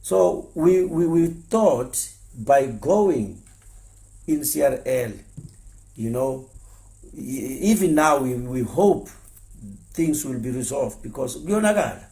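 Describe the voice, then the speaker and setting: A former pastor, speaking earnestly and repeating himself, stumbling over words when heated. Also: male voice, mid-range voice, expressive, slow pace, vocal fry, dark tone. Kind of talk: impassioned spoken address.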